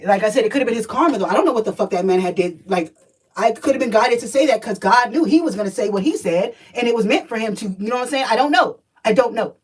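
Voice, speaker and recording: A woman telling a personal story on a livestream, animated and profane, talking straight to her viewers. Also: on the high side, fast talker, slightly rough, distant mic, poor audio.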